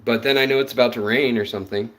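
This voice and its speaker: A man's voice: mid-range voice, fairly even intonation, racing, a bit bright. A man hosting a casual live stream, rambling with lots of fillers and greeting viewers in the chat by name. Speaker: livestream host.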